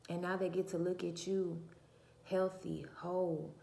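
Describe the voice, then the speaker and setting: A woman with a low, gravelly, cracking voice gives a preachy vlog monologue, asking her viewers one rhetorical question after another. She is soft-spoken by nature, and her mellow, fry-edged tone sits a little low for a woman. The room sounds roomy, with faint noise behind her. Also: level tone, unhurried. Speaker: channel host. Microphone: phone or camera mic, her own mic uncharged.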